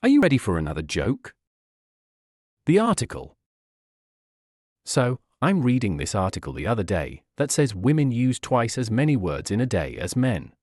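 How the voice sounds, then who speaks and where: A man tells short jokes in a relaxed, conversational way, as if chatting with a friend. His voice is at an average pitch but leaps around a lot. The sound is dry and close. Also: moderate pace, no room sound. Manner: casual, conversational storytelling. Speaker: joke teller. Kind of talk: scripted joke narration.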